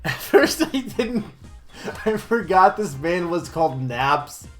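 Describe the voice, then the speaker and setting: A man's voice: high-pitched, big pitch swings, slow, soft background music. A man streaming a game and chatting casually, rambling with lots of fillers and self-deprecating asides. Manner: rambling, full of um and like, laughs at himself. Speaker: gaming streamer. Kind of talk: casual let's-play commentary.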